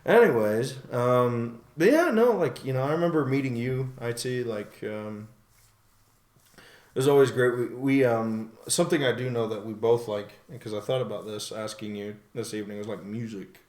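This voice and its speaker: A man's voice: medium pitch, moderate pace, a little mellow. Easygoing chatty man, echoey room. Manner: easygoing, chatty, laughs often. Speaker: podcast host. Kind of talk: casual chat.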